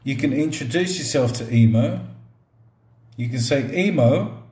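Slow-talking middle-aged man, roomy room. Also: mid-range voice. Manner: relaxed, joking, talks to the robot like a pet. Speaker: product reviewer. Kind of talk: casual product review vlog. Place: indoors at a table or counter.

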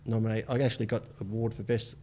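A man's voice: fairly low pitch, little pitch movement, a little mellow, slight background noise. A man in his fifties, a podcast guest telling casual stories, swearing freely and acting out what people said. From Australia. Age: 50s. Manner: rapid, laid-back, swears freely, acts out quotes. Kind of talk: casual storytelling interview.

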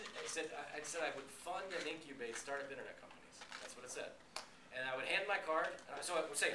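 A man giving a casual talk to students as a guest speaker, animated, acting out quotes with many restarts. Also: fairly high pitch, fast talker. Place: lecture room. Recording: echoey room from far off, background noise.

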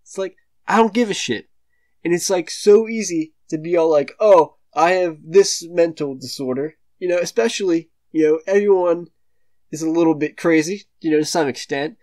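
A teenage male comedic commentator ranting in a sneering, dismissive, slangy way, with slow, drawn-out delivery. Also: a little high, a little mellow. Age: late teens. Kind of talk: satirical rant reading online posts.

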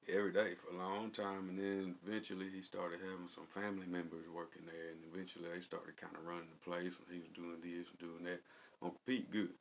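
A man's voice: sits low, little pitch movement, a little fast, gravelly. A man telling rambling, colloquial stories in a casual vlog, chuckling often. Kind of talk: casual storytelling.

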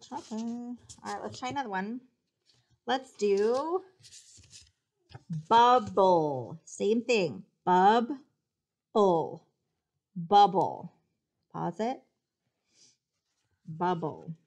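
A woman's voice: medium pitch, animated, slow, pauses often, darkish tone. A woman teacher giving a spelling dictation lesson, patiently sounding out syllables and explaining the rules.

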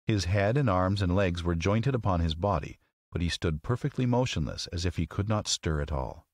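A man narrating a classic children's story as an audiobook, with an expressive, measured reading. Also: deep voice, dry recording, studio quality.

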